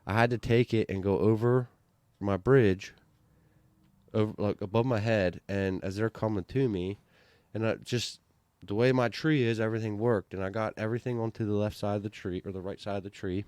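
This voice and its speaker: A man telling a hunting story on a podcast, excited and rambling, restarting sentences and swearing casually. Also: fairly low pitch, moderate pace, clean tone, no room sound. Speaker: podcast guest, bowhunter.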